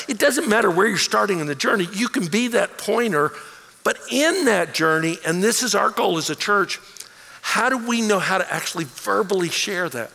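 A man preaching a sermon as pastor, animated and acting out quoted voices. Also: sits high, normal speed, creaky. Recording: long hall reverb.

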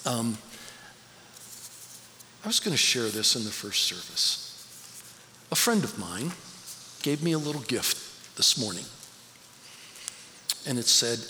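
A middle-aged man speaks to a congregation in a loose, storytelling way, his bright, forceful voice ringing through the church sanctuary. A long reverb trails each phrase, and a faint room hum sits underneath. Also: medium pitch, animated, unhurried, pauses often. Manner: conversational, storytelling, emotional at times. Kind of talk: personal sermon talk.

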